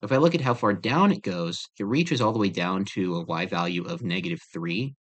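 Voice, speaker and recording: A man's voice: deep voice, brisk. A man teaching a casual math lesson, thinking aloud with fillers and joking about his own mistakes. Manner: chatty, self-deprecating, thinks aloud with fillers.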